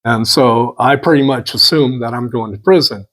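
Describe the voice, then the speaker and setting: A man's voice: medium pitch, moderate pace, a bit bright, rough recording. A man, a political candidate, telling a long personal story in a casual, rambling way and acting out the back-and-forth of conversations. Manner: rambling, retells dialogue with "I'm like" and "he goes".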